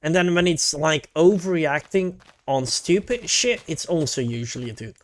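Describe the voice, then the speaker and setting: A man's voice: a little high, expressive, normal speed, dry recording. A male VTuber chatting casually with his stream, laid-back and rambling, with casual swearing.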